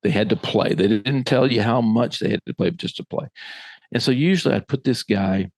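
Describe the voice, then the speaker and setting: Gravelly man telling a coaching story. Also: medium pitch, a little fast, no echo. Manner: lively storyteller who acts out quoted voices. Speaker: author and former middle school football coach. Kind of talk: casual storytelling in a podcast conversation.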